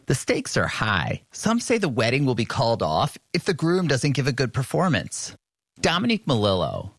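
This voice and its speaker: A man's voice: medium pitch, a bit bright, no room sound, studio quality. A man reporting a news feature in scripted narration.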